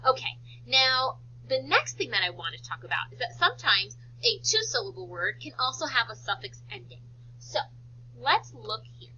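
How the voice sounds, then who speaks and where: A woman's voice: high voice, pushed and bright, muffled recording. A woman teacher giving a phonics lesson to young children, encouraging and sing-song, sounding out letters.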